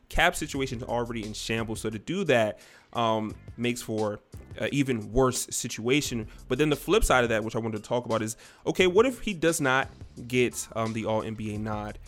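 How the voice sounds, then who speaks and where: A man hosting a podcast, talking sports in a loose, rambling way with lots of fillers. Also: mid-range voice. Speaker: podcast host. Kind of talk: casual sports chat.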